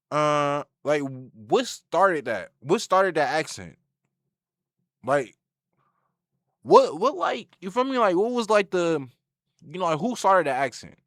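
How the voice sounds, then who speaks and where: A man's voice: on the high side, no echo, studio quality. A young man streaming himself as he reacts to a video, talking in loose slang and often laughing. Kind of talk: casual reaction chat.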